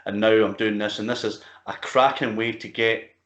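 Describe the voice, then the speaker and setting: A man's voice: fairly low pitch, steady tone, moderate pace, fairly bright tone. A man in his fifties hosting a music interview, chatty and full of stories. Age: 50s. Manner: chatty anecdotal storyteller, frequent restarts. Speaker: interviewer, music media host. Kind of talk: casual interview chat. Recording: roomy, dull lo-fi sound.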